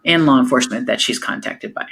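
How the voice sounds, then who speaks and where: A woman's voice: very deep voice, fast talker, fairly bright tone. A woman police officer, a guest in an interview, telling her stories in a candid and emphatic way and laughing often.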